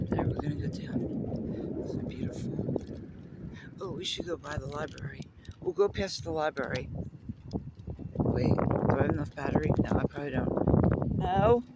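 High-voiced giggly man out for a ride. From Florida, USA. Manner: chatty and giggly, talks to his dog. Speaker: artist vlogger. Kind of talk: casual chat while riding around. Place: outdoors on neighborhood streets. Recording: loud outdoor noise and traffic. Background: outdoor ambience, vehicles, birds.

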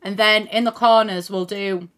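Here a female streamer chats offhandedly while gaming at home, musing aloud, reading out the chat and occasionally swearing, all through a desk mic placed before her screen. Her mid-range voice is a touch bright, moving at a moderate pace with fairly level intonation.

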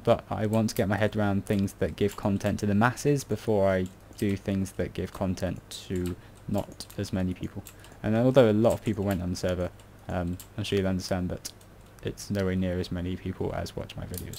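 A man's voice: lowish voice, creaky, mellow, a little hiss or hum. A British man giving casual commentary on a building tutorial, rambling and muttering to himself with self-mocking asides. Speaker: game tutorial creator.

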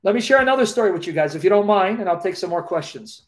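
A man's voice: sits high, expressive, fast talker. A man hosting a live Q&A over a video call, telling a personal story in an earnest, emotional way and often repeating his phrases. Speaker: host of a live Q&A.

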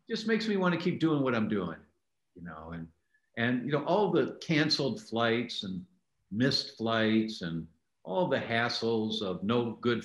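An older man talks through an interview in a middle-range voice, telling stories and acting out quoted lines with lively shifts. The room adds an echoey ring to his voice. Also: mid-range voice. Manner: animated storyteller, acts out quoted lines. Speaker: interview guest, author and doctor. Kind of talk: conversational interview storytelling.

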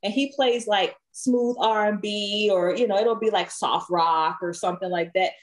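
A woman's voice: medium pitch, moderate pace, slight background noise. Chatty woman telling stories with laughs. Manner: lively storyteller, laughs often, acts out quotes. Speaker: guest singer. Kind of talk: casual podcast chat.

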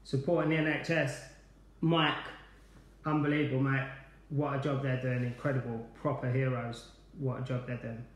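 A man's voice: medium pitch, little pitch movement, moderate pace, echoey room. A man hosting a live online quiz night, chatty and upbeat as he greets viewers by name. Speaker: quiz host, former player.

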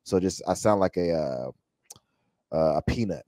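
A man's voice: low-pitched, a little fast, dark tone, no echo, clean studio sound. A man hosting a reaction video, thinking aloud and talking straight to his viewers, often repeating words as he searches for them. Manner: addresses the viewers directly. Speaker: reaction channel host. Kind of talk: casual reaction commentary.

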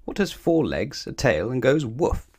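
A man voicing a pompous, mocking male elephant in a children's story, loud and trumpeting. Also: mid-range voice, very animated, measured pace, slightly rough, no echo, clean studio sound, voice pushed up.

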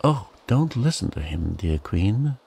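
A man's voice: lowish voice, very animated, unhurried, gravelly, dark tone, slightly rough, exaggerated voice. A man voicing a chorus of timid little fairies in a bedtime storybook, anxious and pleading.

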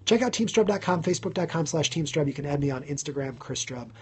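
A man around thirty hosting a casual live stream, chatting to viewers, thanking them by name and filling pauses with ums. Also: on the high side, animated, a little mellow, breathy edge. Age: 30s.

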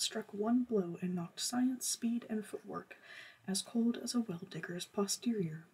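Very husky woman reading a novel. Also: medium pitch, distant mic. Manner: soft, partly whispered reading. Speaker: book channel host.

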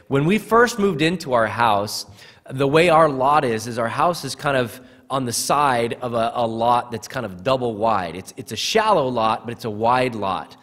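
A man's voice: medium pitch, fairly bright tone. Preaching man in a reverberant church. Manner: earnest, repeats words at starts of phrases. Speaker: pastor. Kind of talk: sermon. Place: church sanctuary.

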